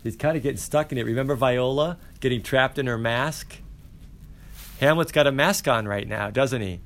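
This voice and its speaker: A male teacher giving an animated, playful class lecture and asking his students questions. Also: medium pitch, moderate pace. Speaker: high school teacher.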